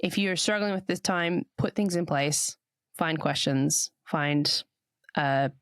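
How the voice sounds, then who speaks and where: A woman in her thirties from Australia with a mixed international accent, chatting casually as a podcast co-host, laughing easily and letting her pitch jump around. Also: takes it slowly, dry recording, clean studio sound. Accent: mixed international, Papua New Guinea upbringing. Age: 30s. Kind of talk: casual chat.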